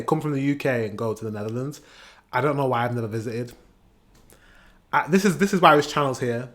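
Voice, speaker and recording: A man hosting a reaction video, talking casually, laughing often and repeating rhetorical questions. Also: medium pitch. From United Kingdom.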